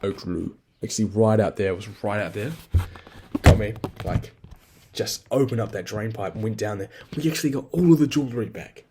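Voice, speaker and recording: Young man, lowish voice, rambling, swearing, self-deprecating, casual monologue, faint background hiss. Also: gravelly, dark tone.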